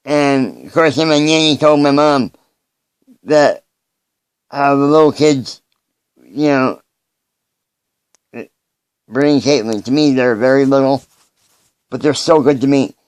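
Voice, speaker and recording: Earnest man speaking haltingly. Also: mid-range voice, clear, resonant tone, no room sound. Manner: earnest, halting, with frequent restarts. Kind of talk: personal video message.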